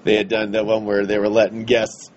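Podcast co-host, man, lively storyteller, slightly muffled lo-fi audio with faint hiss. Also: fairly low pitch, a little fast. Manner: animated storyteller, gruff impressions. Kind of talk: casual chat. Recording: dull lo-fi sound with faint hiss.

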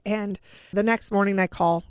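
A middle-aged woman earnestly telling her family's story, pausing and restarting as she relives each scene in quoted dialogue. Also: medium pitch, fairly even intonation, smooth, no echo, studio quality. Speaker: guest sharing a family story. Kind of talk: emotional personal storytelling.

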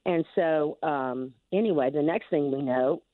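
A woman's voice: low voice, a little slow, dry recording. An older woman calling in to a radio show, telling a long story with many restarts and asides. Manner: rambling, restarts often, lots of "you know". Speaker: caller, neighborhood security district official. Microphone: telephone. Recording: tinny phone line.

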